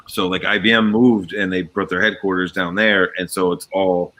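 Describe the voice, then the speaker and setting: A man's voice: sits low, level tone, moderate pace, bright, forceful tone. Rambling man, slight New York accent. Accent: slight New York area. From coastal Connecticut near New York. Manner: rambling storyteller, many fillers, acts out quoted voices. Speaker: livestream host. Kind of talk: casual chat while building.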